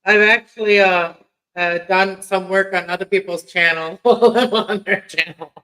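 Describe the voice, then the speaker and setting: A man who grew up in Mexico, hosting a casual late-night stream chat, talkative and quick to laugh. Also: sits high, steady tone, pushed and bright, smooth, low-quality recording. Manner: chatty, laughs easily, drifts between topics.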